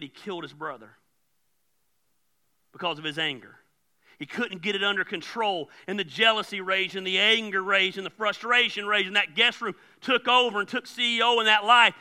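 A man preaching a sermon as pastor, animated, often repeating words as he starts a phrase. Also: sits high, moderate pace. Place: church.

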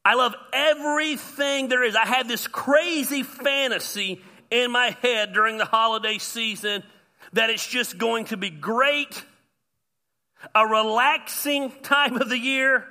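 Guy pastor, high bright voice, jokey animated sermon. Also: unhurried. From US South. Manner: animated, self-deprecating humor.

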